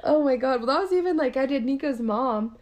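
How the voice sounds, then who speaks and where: A woman's voice: sits high, lively intonation, a little fast, a little mellow. A woman co-hosting a casual podcast chat, laughing often and swearing freely. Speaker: podcast co-host, hairstylist.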